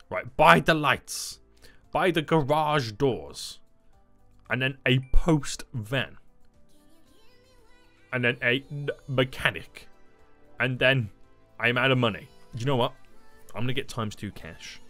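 A young man giving excitable, jokey commentary on his gameplay and calling his viewers "boys.". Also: medium pitch, measured pace, long pauses. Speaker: gaming YouTuber. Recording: faint music behind.

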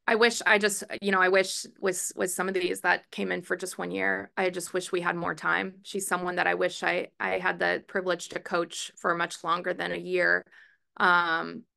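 A woman softball head coach answering reporters at a press conference, chatty, with many fillers and restarts. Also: lowish voice, level tone, moderate pace, creaky. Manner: calls herself a verbal, loud coach. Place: press room.

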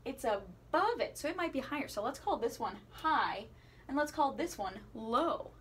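A woman teaching children a playful singing lesson, asking questions and encouraging them as she swoops her voice high and low. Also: animated, moderate pace, fairly bright tone, slight background noise. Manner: encouraging, asks the listener questions. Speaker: music teacher.

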